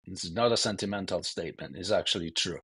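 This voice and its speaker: A man's voice: low voice, fast, sharp tone, husky, dry recording. A man giving a devotional scripture lecture in a loose, conversational way, often saying "you know". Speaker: scripture class speaker.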